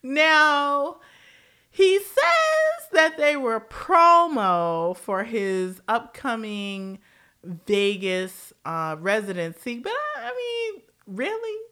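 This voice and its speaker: A woman's voice: sits high, big pitch swings, extremely slow, pushed and bright. A woman hosting a casual pop-culture commentary show, blunt and profane, laughing often and jumping between tangents.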